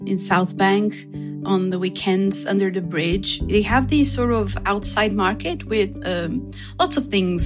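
A woman from Brazil, an opera singer, telling her story in an interview and acting out the dialogue in different voices. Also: mid-range voice. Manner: lively, acts out dialogue in voices.

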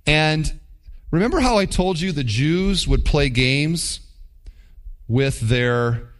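A man preaching a sermon as pastor, animated, with mocking asides. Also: fairly high pitch.

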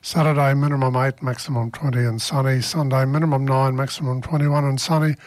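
A man's voice: medium pitch, fairly even intonation, a little fast, no echo. An Australian man presenting on community radio, chatty and casual as he reads the weather and tells jokes.

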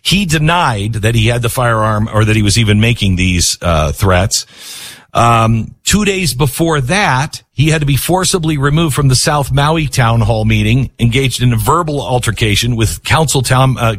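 A man in the middle pitch range delivers news commentary with a sarcastic, animated edge. He acts out the people he quotes. His voice sounds dry and close, with no room around it. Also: normal speed, dry recording.

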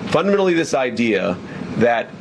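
A man in a played clip, making an earnest, measured policy argument. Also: mid-range voice, sing-song. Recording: clip with clear background noise.

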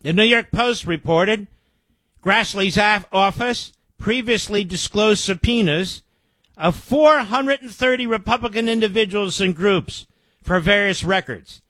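Male talk host, high-pitched, sarcastic, indignant commentary, dry studio sound. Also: unhurried, fairly bright tone, no echo. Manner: indignant, sarcastic asides between quoted reports. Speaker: radio show host. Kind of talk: political commentary, reading news aloud.

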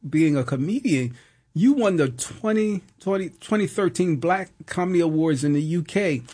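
A man's voice: fairly high pitch, expressive, moderate pace, mellow, slightly rough. A man hosting a college radio interview in an easygoing, affirming way. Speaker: radio host.

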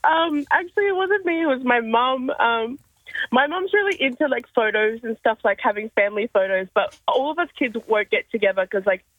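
A woman's voice: on the high side, fairly quick, narrow, tinny audio. Giggly woman radio caller. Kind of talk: radio call-in chat.

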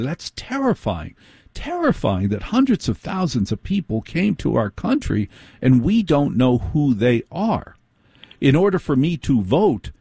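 A man's voice: medium pitch, dark tone, husky, dry recording. A middle-aged American man hosting a late-night radio talk show, chatting wryly and drifting into stories. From United States. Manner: chatty, wry, digressive storytelling.

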